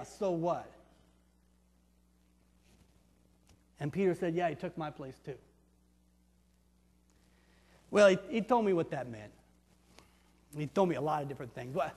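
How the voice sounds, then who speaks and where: A pastor playing a rough, streetwise ex-criminal in a sermon monologue, with coarse, colloquial talk that swings from loud outbursts to hushed tones. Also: male voice, a little high, close to an everyday voice. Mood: folksy. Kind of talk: first-person dramatic monologue in a sermon. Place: church. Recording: reverberant church sanctuary with faint music.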